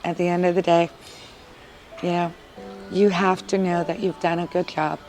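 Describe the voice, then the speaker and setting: A woman's voice: lowish voice, little pitch movement, moderate pace, a little mellow, faint music behind, low-quality recording. A woman, a mother of three boys, giving an earnest, emotional interview testimonial with frequent filler words.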